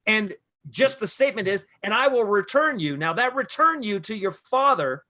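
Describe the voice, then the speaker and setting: A man giving a guest's spiritual talk, lecturing emphatically and slowing down on key words. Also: high voice, expressive, bright, forceful tone. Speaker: guest speaker.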